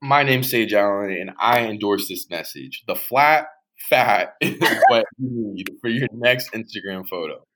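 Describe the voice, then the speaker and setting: A man's voice: fairly low pitch, animated, a little slow, fairly bright tone, poor audio. A young man as a podcast guest in casual chat, laid-back, laughing a lot and swearing casually.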